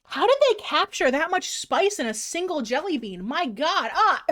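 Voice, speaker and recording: High-voiced chatty woman streamer. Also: sing-song, moderate pace, a bit bright. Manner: chatty, self-mocking, casual swearing. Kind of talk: casual livestream chat.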